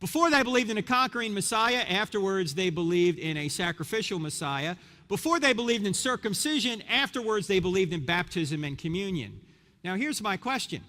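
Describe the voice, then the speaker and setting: A man's voice: sits high, brisk. A man of about fifty giving a sermon-style lecture to a live audience, telling stories and asking rhetorical questions. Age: around 50. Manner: animated storyteller, rhetorical questions. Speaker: Christian speaker. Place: large hall with audience. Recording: reverberant hall.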